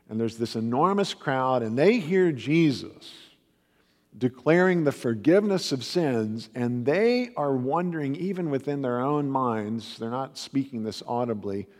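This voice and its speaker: Man, mid-pitched voice, casual sermon, lively retelling, echoing church hall. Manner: animated storytelling, raises pitch for quoted voices. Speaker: preacher. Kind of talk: conversational sermon. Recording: long reverb of a hall.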